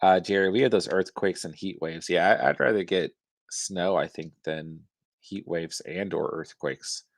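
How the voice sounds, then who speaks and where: A man's voice: low-pitched, moderate pace, creaky, dry recording. A young adult man hosting a casual live stream, reading viewer chat aloud in an easygoing way. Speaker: host.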